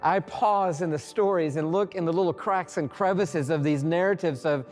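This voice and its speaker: A male pastor delivering a sermon, telling the story dramatically with pauses and acted-out lines. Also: a little high, a little mellow. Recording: reverberant hall with faint music.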